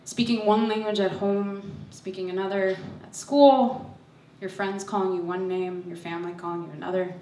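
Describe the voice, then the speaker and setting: A woman's voice: medium pitch, fairly even intonation, normal speed, few pauses, dark tone, a little hiss or hum. A young woman telling a personal story on stage, nervous and self-deprecating, laughing through her lines. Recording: echoey hall, voice from far off.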